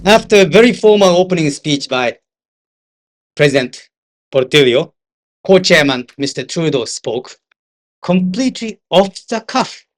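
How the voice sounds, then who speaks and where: The older interpreter speaks at a measured pace with long pauses, his slightly high voice carrying lively intonation. Japanese-accented, he tells anecdotes throughout the seminar and sometimes slips into Japanese.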